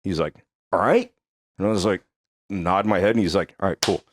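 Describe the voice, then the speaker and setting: A young man hosting a podcast, telling a story in a casual, profane and animated way. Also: low voice, fast talker, noisy background. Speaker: podcast host.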